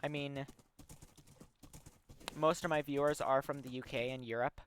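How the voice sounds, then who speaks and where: A man's voice: mid-range voice, steady tone, measured pace, clean tone. A young man chatting casually on a game livestream, rambling through long stories packed with ums and likes. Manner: rambling, filler-heavy storytelling. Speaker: gaming livestreamer. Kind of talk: casual live-stream chat.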